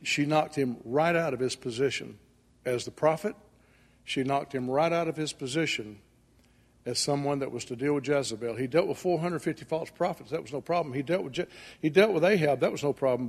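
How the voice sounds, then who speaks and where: A man's voice: mid-range voice, brisk, breathy edge. A male preacher giving a sermon in a folksy storytelling manner, acting out the dialogue. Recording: echoey hall with long reverb.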